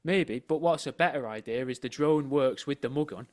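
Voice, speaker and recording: A man co-hosting a podcast over a remote call, trading dry, deadpan jokes and laughing easily. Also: mid-range voice, moderate pace. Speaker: podcast co-host. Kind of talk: casual banter.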